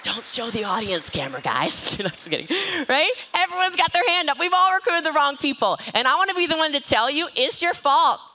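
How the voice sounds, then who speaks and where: Bright, energetic woman speaking on stage. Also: high voice, a little fast, few pauses, a little hiss or hum. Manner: energetic, joking, self-mocking. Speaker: network marketing trainer. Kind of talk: motivational stage talk. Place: event stage with live and online audience.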